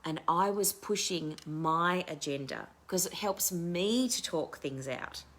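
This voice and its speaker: A woman's voice: on the low side, slow, a bit bright. A middle-aged woman coach and show host giving a candid, reflective wellness talk, often restarting her sentences. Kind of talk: live online wellness talk.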